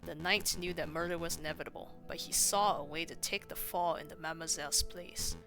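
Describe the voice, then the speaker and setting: A woman reading a suave male fox schemer aloud from a game, smooth and grandiose. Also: sits low, fairly even intonation, brisk, music in the background, close to an everyday voice.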